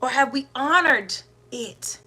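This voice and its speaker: Woman host, slightly high, bright voice; reflective spiritual talk, strings of rhetorical questions. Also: lively intonation, husky, faint music behind. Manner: asks many rhetorical questions, with pauses and restarts. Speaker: podcast host and doula.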